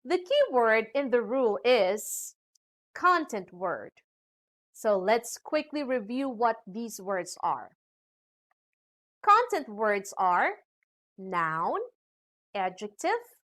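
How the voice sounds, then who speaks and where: A woman with a Filipino accent teaching a lesson in a slow, sing-song voice with exaggerated intonation. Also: on the high side, sing-song, fairly bright tone. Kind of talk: scripted lesson narration.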